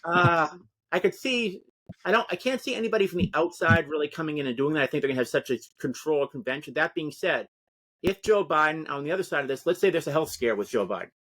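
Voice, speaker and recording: A man giving an animated, discursive account as an interview guest discussing politics. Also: on the high side, fast talker. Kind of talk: casual interview talk.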